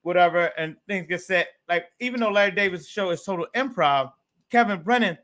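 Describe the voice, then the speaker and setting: Man on a podcast, kinda high voice, rambles and repeats himself, earnest. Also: brisk, fairly bright tone. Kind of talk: casual chat.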